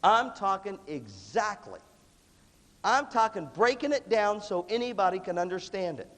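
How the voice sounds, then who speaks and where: A man giving a lively seminar talk to a live audience, telling stories and acting out the dialogue. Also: high-pitched, normal speed. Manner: animated storyteller who acts out dialogue. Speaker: leadership seminar speaker. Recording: long hall reverb.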